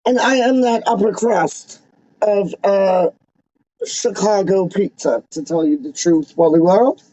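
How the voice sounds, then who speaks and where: A man doing a boastful, snobbish Englishman, holding forth in a high voice at an unhurried, pompous pace. He rambles through rhyming nonsense like a mock aristocrat hosting his own show. The sound is dull and lo-fi, with a dry, close feel. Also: mellow, no room sound. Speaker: livestream host. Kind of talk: comic in-character livestream ramble.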